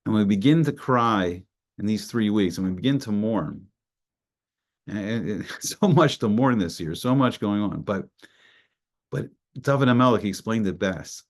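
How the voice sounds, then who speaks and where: A man's voice: fairly low pitch, lively intonation, moderate pace. A man giving an earnest Torah class. He reads Hebrew phrases and then translates each one into English, building emphasis through repetition. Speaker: Torah teacher.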